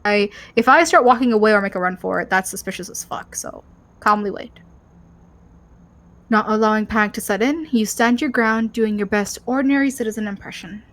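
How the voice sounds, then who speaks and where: A woman's voice: mid-range voice, fairly quick, a bit bright. A woman co-host reading a story game's narration aloud, stumbling over words and laughing often.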